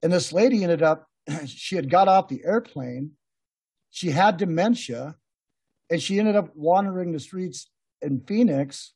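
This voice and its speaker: Husky guy on a podcast, kinda high voice, dry close sound, rambles thru stories. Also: animated, measured pace, darkish tone, dry recording. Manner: rambling anecdotes with laughs and restarts. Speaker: podcast host. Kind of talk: casual storytelling chat. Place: podcast room.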